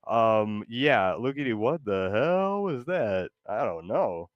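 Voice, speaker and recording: A man's voice: on the low side, sing-song, slow pace, no room sound, lo-fi sound. A man hosting a casual chat, hesitant and giggly, full of ums and restarts. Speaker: streamer host.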